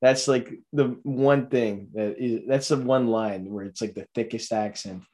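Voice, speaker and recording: A man's voice: mid-range voice, measured pace, darkish tone. A man co-hosting a casual movie podcast, rambling with lots of fillers and restarts. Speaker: podcast co-host.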